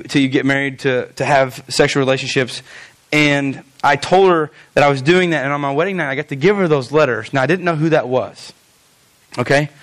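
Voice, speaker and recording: A male pastor preaching a lively, conversational sermon, with frequent stammered restarts. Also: on the high side.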